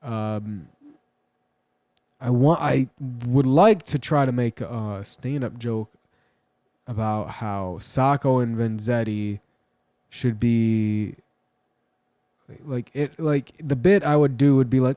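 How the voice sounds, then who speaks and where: A man's voice: mid-range voice, slow pace, pauses often, warm tone, no room sound. Rambling man, casual monologue. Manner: rambling, meandering, crude and joking. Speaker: vlogger.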